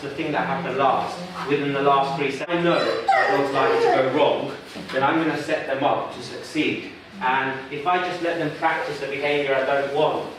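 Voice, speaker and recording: A male dog trainer leading a workshop, conversational and asking the audience questions. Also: medium pitch. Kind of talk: workshop teaching. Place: workshop room. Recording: echoey room from far off.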